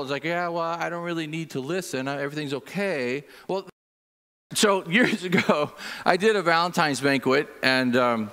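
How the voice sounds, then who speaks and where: A middle-aged pastor preaching in a chatty, joking way, dropping into short acted-out voices between scripture readings. His voice sits a touch high for a man. The sound rings with the long reverb of a large church hall. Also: a bit bright. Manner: conversational and joking, acts out little voices. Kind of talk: sermon. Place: church sanctuary.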